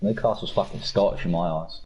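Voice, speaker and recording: A man's voice: low-pitched, steady tone, fairly quick, a little mellow, a little hiss or hum. A man from Sussex with a southern English accent, blunt and opinionated, swearing constantly in casual gaming chat. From Sussex, England. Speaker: gamer in voice chat.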